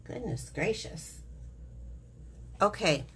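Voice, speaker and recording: A woman's voice: mid-range voice, lively intonation, takes it slowly, fairly bright tone, husky. A woman hosting a live craft demonstration, chatty and giggly, explaining each step as she works.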